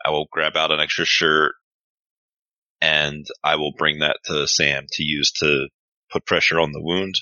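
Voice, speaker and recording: A man playing a big gruff bruiser in a tabletop role-play, blunt and swearing often. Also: very deep voice, level tone, measured pace, pushed and bright, no echo, muffled recording. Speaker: player.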